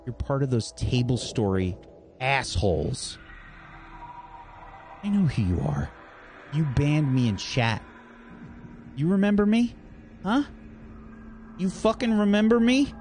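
A man's voice: medium pitch, very animated, slow, long pauses, a little mellow, soft background music, pitched above the performer's own voice. A man voicing an unhinged young male killer who snarls threats. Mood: menacing.

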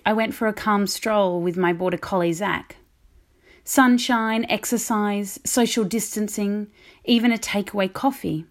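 A woman vicar delivers a sermon in a reflective, measured way. Her voice sits at an ordinary middle pitch for a woman, and she preaches with calm, deliberate pacing.

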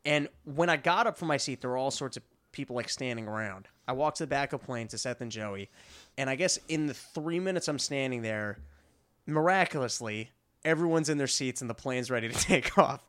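A man co-hosting a casual chat, telling stories in an animated way. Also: medium pitch, a little fast. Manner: animated storytelling, laughing often.

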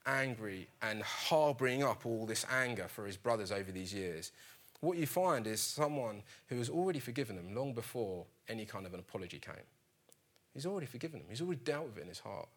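Male preacher, mid-pitched, earnest and chatty, retells scripture like a story. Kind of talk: sermon.

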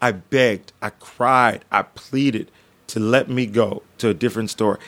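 Animated storytelling man. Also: unhurried. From Los Angeles resident. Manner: animated, acts out quotes with big pitch jumps. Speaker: podcast co-host telling stories. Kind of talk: casual storytelling chat.

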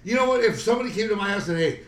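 A man's voice: high-pitched, racing, recorded from a distance. A middle-aged man telling a story in casual podcast chat, swearing constantly and repeating himself. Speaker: podcast co-host. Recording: roomy, from off-mic, faint background noise.

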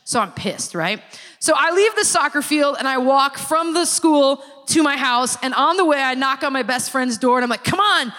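A woman giving a sermon-style personal testimony, a lively storyteller who acts out the people she quotes. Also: high voice, normal speed. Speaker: speaker giving a church testimony. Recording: long reverb of a large hall.

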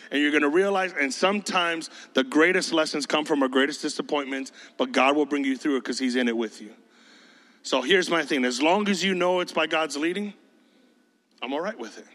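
A man's voice: a little high, bright, forceful tone, in a large hall. A man preaching to his youth group in a casual, joking way, often mimicking teenagers' voices. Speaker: youth pastor. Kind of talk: sermon.

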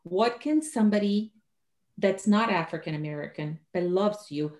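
Puerto rican lady podcast host, lively storyteller, roomy echoey sound. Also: medium pitch, normal speed. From Puerto Rico. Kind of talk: casual interview talk.

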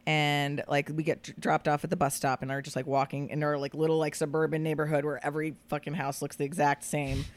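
A woman guest on a podcast, telling a story in casual chat, animated and laughing often, swearing casually. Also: deep voice, quick pace, few pauses.

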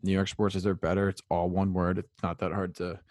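A young man with a deep voice talks while still out of breath, his words carried on heavy breaths as he rambles with "um"s through a solo podcast. The recording is dry and close. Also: monotone, a little fast, a little mellow, no echo. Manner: rambling, filler-heavy, self-deprecating. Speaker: solo sports podcast host. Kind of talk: casual rambling sports podcast.

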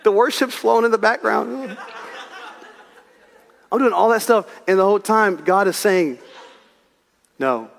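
Male pastor, fairly high voice, chatty and humorous sermon, long hall reverb. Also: normal speed, vocal fry, long pauses. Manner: animated, conversational preaching with humor.

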